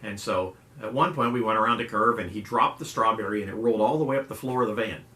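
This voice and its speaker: A middle-aged man with a bright, forceful voice pitched a little low tells folksy stories in a casual devotional talk, slipping into animated voices for the people he quotes. The sound carries a roomy echo. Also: quick pace. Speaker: youth pastor and video host.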